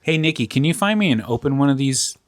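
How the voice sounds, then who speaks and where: A man co-hosting a podcast, chatting loosely with a steady, mid-range voice. He swears constantly and rambles through half-finished thoughts, laughing as he goes. The sound is dry and close to the mic. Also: mid-range voice, quick pace, no room sound. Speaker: podcast co-host. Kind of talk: casual chat.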